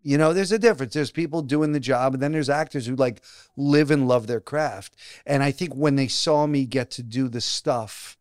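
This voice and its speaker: A man's voice: mid-range voice, normal speed, no echo, studio quality. A man, an actor guest on a talk show, telling stories casually and acting out what people said to him. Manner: animated storyteller who acts out other people's lines. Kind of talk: casual storytelling interview.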